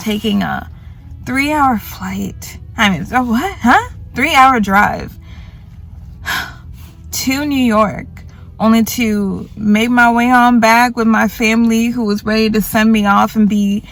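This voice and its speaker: A woman's voice: fairly high pitch, takes it slowly, creaky, soft background music. A young woman vlogging casually, tired and self-mocking as she rambles about her worries. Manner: rambling, self-mocking, quotes others in put-on voices. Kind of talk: casual confessional vlog. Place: grocery store.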